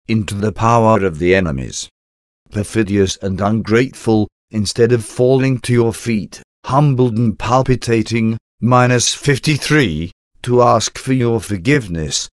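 Man, lowish voice, dry close sound, slow reverent prayer reading in short phrases. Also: no room sound. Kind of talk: reading a devotional prayer aloud.

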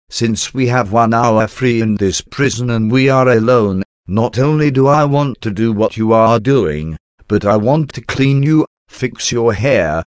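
Slow, solemn man reading a prayer. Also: mid-range voice, dry recording, clean studio sound. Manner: slow, solemn, intimate prayer addressed to Jesus. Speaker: devotional reader.

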